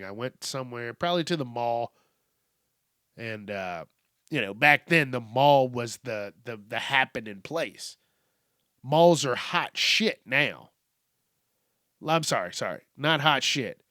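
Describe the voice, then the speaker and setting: Slow, bright-voiced profane male podcaster. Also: mid-range voice, expressive, no echo, studio quality. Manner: profane, rambling, self-amused. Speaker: podcast host. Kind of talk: casual solo rant.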